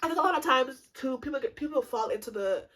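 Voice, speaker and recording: Animated young woman rambling through a storytime. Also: high-pitched, fast. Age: 20s. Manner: rambling, profane, laughs often. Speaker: vlogger. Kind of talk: casual storytime.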